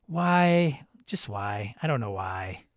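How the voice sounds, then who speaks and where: Man, stream host, casual chat, mid pitch, dry close sound, rambling and reactive. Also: sing-song, slow, dry recording. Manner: chatty, self-interrupting, reacts aloud to tech trouble. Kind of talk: live stream chat reading viewer comments.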